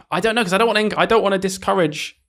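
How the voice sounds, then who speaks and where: A man's voice: high-pitched, quick pace, fairly bright tone. A man, a teacher co-hosting a podcast, teasing and reassuring in casual chat.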